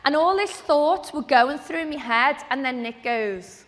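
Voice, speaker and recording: A woman with a high, bright voice tells her own story to an event audience in a motivational talk. She chats along and acts out the conversations she remembers. Her voice rings through an echoey large hall from a stage microphone. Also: expressive, measured pace. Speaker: speaker at a training event. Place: event venue with a live audience.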